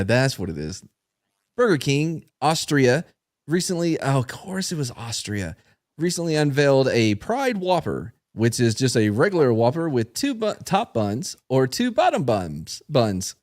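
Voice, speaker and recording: A man hosting a casual podcast, reading news stories aloud with joking asides. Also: mid-range voice. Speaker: podcast host.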